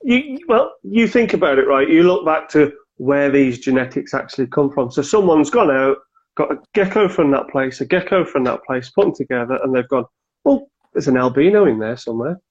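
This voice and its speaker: A man, chatting casually on a podcast about keeping and breeding reptiles, animated and quick to act out little exchanges. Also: on the high side, slightly rough. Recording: dull lo-fi sound.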